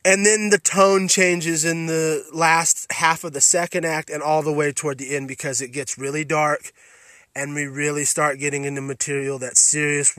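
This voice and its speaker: A man's voice: a little high, fairly bright tone, dry recording, studio quality. A man hosting a podcast, giving a blunt film review full of profanity and emphatic restarts. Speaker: podcast host reviewing films.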